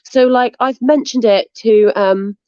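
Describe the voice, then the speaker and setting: A young English woman talking casually as an interview guest, chatty, laughing often and filling pauses with "um" and "like". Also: a little high, mellow, clean tone, dry recording, muffled recording. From England. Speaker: skateboarder guest.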